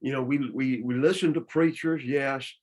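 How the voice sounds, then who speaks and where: A man's voice: medium pitch, steady tone, normal speed, rough recording. A man teaching a church Bible study, explaining scripture plainly with frequent restarts and repeated words, with a Southern US accent.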